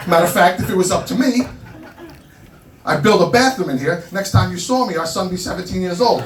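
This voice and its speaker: A man's voice: high-pitched, quick pace, a little hiss or hum. A man in his thirties from Long Island doing a stand-up set in a small comedy club, telling brash, self-deprecating stories. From Long Island, New York. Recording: roomy club sound from a distance, loud crowd.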